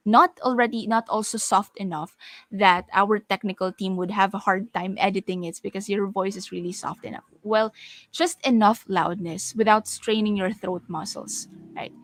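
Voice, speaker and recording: A woman giving an online lecture on voice and speaking skills for teachers, speaking with clear, deliberate delivery and stressing her examples. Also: mid-range voice, fairly even intonation, dry recording. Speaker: webinar speaker on voice training for teachers.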